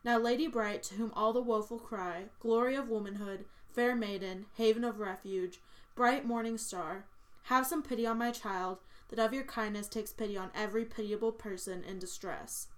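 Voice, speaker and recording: A woman's voice: fairly high pitch, fairly even intonation, moderate pace, lightly acted. A woman voicing a devout young mother who prays and grieves over her child, speaking in a tender, prayerful way. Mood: pleading.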